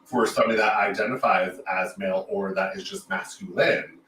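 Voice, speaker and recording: A man hosting a casual chat, animated and jokey, quick to interrupt and laugh. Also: low-pitched. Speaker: podcast host. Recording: roomy, distant mic with faint room noise.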